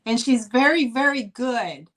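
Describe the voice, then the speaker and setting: Chatty New York woman hosting a live sale, slow and easygoing in delivery. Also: fairly high pitch, lively intonation, fairly bright tone. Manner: chatty, greets chat viewers by name. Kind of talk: live-stream selling chat.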